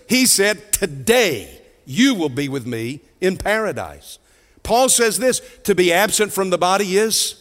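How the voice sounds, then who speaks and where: A man preaches in a large church hall, his voice swinging widely in pitch and ranging from hushed, drawn-out phrases to raised calls to the congregation. He takes his time, lingering on words with unhurried pacing. A long reverb trails every line. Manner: dynamic preaching, drops to near-whispers and rises to calls to the congregation. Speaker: pastor. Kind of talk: sermon.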